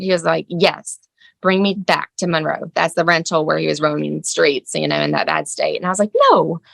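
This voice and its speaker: A middle-aged woman telling the story of her son's crisis as a mother, shaken and halting, with many fillers. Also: lowish voice, creaky, fairly bright tone, dry recording. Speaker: mother of a teen son. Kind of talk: emotional personal account.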